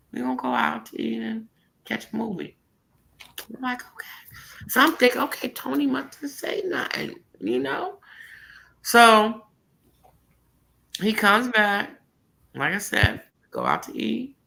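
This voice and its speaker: Gravelly, lively woman telling a story. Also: measured pace, pauses often, low-quality recording. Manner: animated, swings into high voices for quotes, laughs a lot. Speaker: host telling a personal story. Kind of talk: casual storytelling chat.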